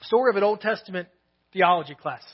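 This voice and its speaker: A man preaching a sermon in church, telling a story and dropping soft and low on the words he wants to land. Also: expressive, fast, breathy edge, lo-fi sound. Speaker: pastor. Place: church sanctuary.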